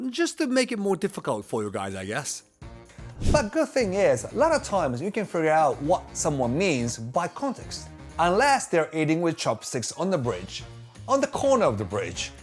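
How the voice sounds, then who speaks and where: A man with a Japanese accent, a YouTube host explaining Japanese in a playful, jokey way. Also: on the high side. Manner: playful, jokey, animated delivery. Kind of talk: comedic explainer video.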